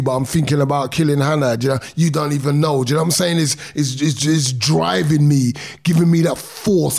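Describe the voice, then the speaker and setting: Gravelly, husky middle-aged man. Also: fairly high pitch, darkish tone. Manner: intense, drawn-out emphatic delivery with street slang. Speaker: guest, former boxer. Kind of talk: emotional personal storytelling.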